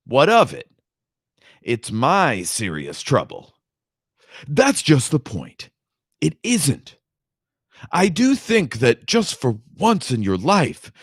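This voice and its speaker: A man's voice: a little high, no echo, clean studio sound, pitched above the performer's own voice, exaggerated voice. A man reading aloud, voicing a smug, condescending grown son who speaks pompously and preaches at his father.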